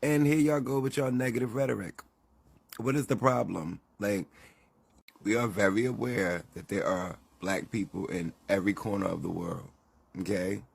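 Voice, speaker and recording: A man's voice: on the low side, steady tone, moderate pace, gravelly, breathy edge, no room sound. A man delivering a heated, indignant rant to the camera, scolding and swearing. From United States. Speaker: social media commentator.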